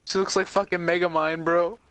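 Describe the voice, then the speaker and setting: A man's voice: sits high, level tone, brisk, fairly bright tone, dry recording. A man ribbing his friends in casual banter, crude and teasing, saying "bro" a lot. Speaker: podcast co-host.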